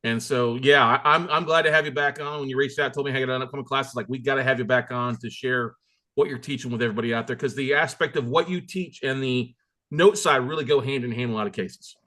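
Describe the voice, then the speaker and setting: A man hosting a show, energetic and enthusiastic as he introduces and interviews a guest. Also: medium pitch, fast talker. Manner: hyped, enthusiastic, emphatic. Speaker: podcast host.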